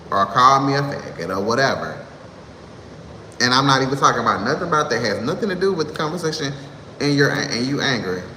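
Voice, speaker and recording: A man's voice: medium pitch, sharp tone. A man in his thirties delivering a sassy, exasperated monologue to camera, ranting with laughs. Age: 30s. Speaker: vlogger. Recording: echoey room with long reverb, faint noise.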